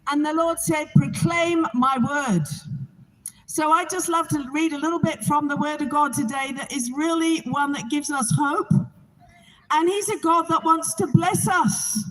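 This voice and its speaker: A high-pitched woman speaks to a gathered crowd outdoors. Her delivery is earnest and heartfelt, in the manner of a preacher sharing her testimony. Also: fairly even intonation, normal speed, a bit bright, rough recording. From England. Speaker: Bible reading organizer.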